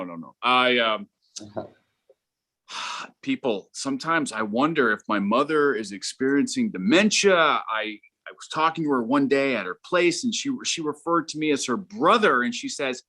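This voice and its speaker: This is a middle-aged man performing stand-up. His voice is bright and forceful, with a middle-of-the-road pitch. He wanders through his stories in a halting way, with frequent fillers and restarts. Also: lively intonation. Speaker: stand-up comedian. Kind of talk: stand-up comedy set.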